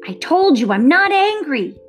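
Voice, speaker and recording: A woman's voice: a little high, expressive, unhurried, soft background music. A woman voicing an upset young boy who pleads in a rising voice, close to tears.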